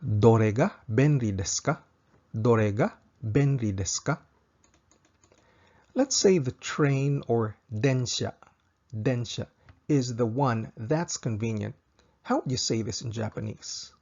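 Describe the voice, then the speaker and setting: A man teaching a recorded language lesson, speaking slowly and carefully and repeating each example sentence twice for practice. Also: mid-range voice, darkish tone, muffled recording.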